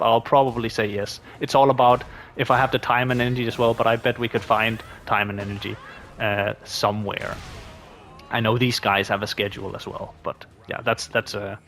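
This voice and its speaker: Young Danish-accented man, gaming creator, loose rambling Q&A delivery, mid-pitched voice. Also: a bit bright. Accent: Danish, with a slight British tinge. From Denmark. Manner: rambling, with frequent restarts and fillers. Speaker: gaming YouTuber. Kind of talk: casual Q&A monologue.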